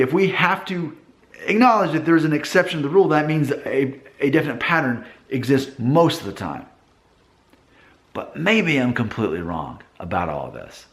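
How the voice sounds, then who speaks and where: A young man from northern Alabama talks to his channel, musing and thinking aloud with restarts. His voice sits at an ordinary pitch for a man. The room gives his voice a noticeable echo. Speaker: channel host. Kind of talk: casual vlog monologue.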